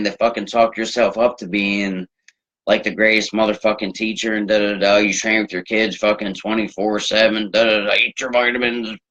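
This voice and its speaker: Brief: male sports-rant host, lower voice, profane and rambling, muffled home recording. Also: a bit bright. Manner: profane, rambling, loose filler-heavy ranting. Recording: dull lo-fi recording.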